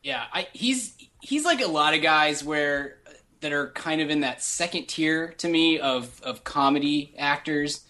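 A man's voice: fairly high pitch, a little slow, pushed and bright. A man co-hosting a podcast in casual movie chat, rambling with many restarts. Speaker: podcast co-host.

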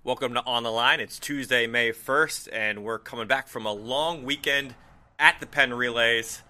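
Bright-voiced male sports podcast host. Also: mid-range voice, moderate pace.

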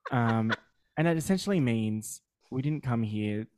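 A man's voice: medium pitch, expressive, measured pace, darkish tone, slight background noise. Chatty Australian man, podcast co-host. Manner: chatty, explanatory, frequent ums and restarts. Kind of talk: casual podcast chat.

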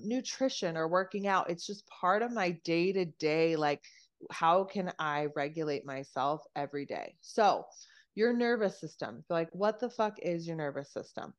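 A woman guest on a podcast explaining nervous system regulation in casual chat, animated and swearing freely as she acts out quoted voices. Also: lowish voice.

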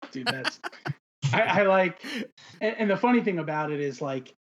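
A man's voice: sits high, animated, measured pace, fairly bright tone. A man co-hosting a casual chat, rambling through questions with many restarts. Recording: dull lo-fi sound.

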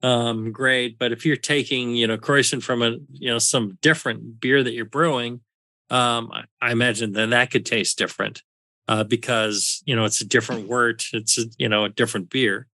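A man hosting a podcast, talking through answers in an easygoing, chatty way with plenty of fillers. His voice is bright and clear at a middle pitch, recorded close and dry. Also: steady tone, normal speed, dry recording. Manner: chatty and explanatory, many fillers. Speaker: podcast host. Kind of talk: casual podcast chat.

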